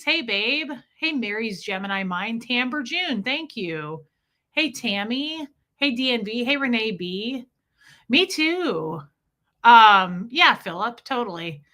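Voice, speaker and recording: A woman's voice: fairly high pitch, sharp tone. A woman hosting a casual livestream, greeting viewers by name one after another. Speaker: livestream host.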